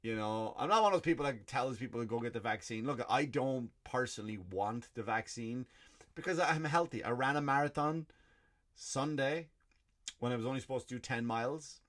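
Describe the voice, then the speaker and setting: An Irish comedian hosts his podcast with a loose, profane rant. His medium-pitched voice swings between mock outrage and deadpan asides, full of swearing and Irish turns of phrase. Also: fairly quick. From Ireland. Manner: profane, animated ranting. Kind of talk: stand-up style comic rant.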